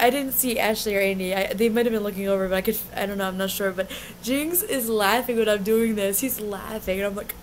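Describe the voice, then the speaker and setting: A young woman excitedly retelling a fan meet and greet, rambling and gushing with many restarts. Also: a little high, slight background noise. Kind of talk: excited casual storytelling.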